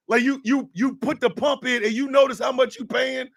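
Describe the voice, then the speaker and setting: A man hosting a podcast, delivering a profane, exasperated comedic rant and often shouting. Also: very high-pitched, a little fast, creaky. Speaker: podcast host.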